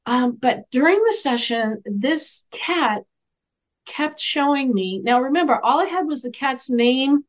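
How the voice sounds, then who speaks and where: A woman who works as an animal communicator tells a story as a guest on an interview show, earnest and gentle, acting out the dialogue. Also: high voice, unhurried. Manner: animated, acts out the dialogue in her stories.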